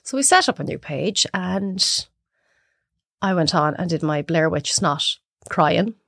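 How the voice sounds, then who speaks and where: An Irish woman cook talking as a podcast guest, a chatty, animated storyteller who laughs often. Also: lowish voice, unhurried, vocal fry, dry recording, clean studio sound. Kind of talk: casual chat.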